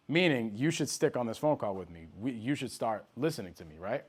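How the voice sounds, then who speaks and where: Male sales coach, mid-pitched voice, direct and punchy delivery for a live training session. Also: very animated, brisk, husky. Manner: direct, emphatic, talks straight to trainees by name.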